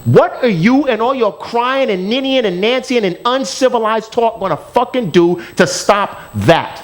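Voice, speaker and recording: Male podcast co-host from the US, fiery profane ranter, high and lively delivery. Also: a little slow. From United States. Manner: angry, profane, emphatic ranting. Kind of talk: heated podcast rant.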